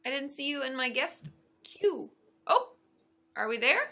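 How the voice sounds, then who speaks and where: A young woman chats casually on a livestream, answering questions as a therapist would. Her voice is bright and forward, and her talk is bubbly and quick to react. Faint music plays in the background. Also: high-pitched, lively intonation.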